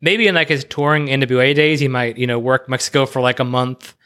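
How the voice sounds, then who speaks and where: Bright, forceful, and smooth, this co-host's medium-pitched voice holds a fairly even intonation as he casually weighs in on a wrestling match. His opinionated chatter picks up speed in bursts.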